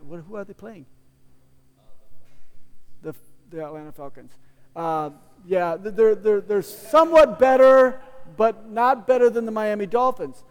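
A man with a high voice preaches to his congregation and teaches in a loose, chatty way, restarting phrases and tossing in playful asides. His voice rings out with a long reverb tail, as in a large church sanctuary. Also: measured pace, long pauses, clean tone. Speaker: pastor. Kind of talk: sermon.

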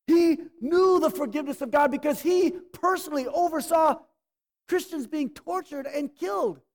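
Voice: sits high, a little mellow. A preacher delivering a sermon, emphatic, drawing words out and pressing the listeners with rhetorical questions.

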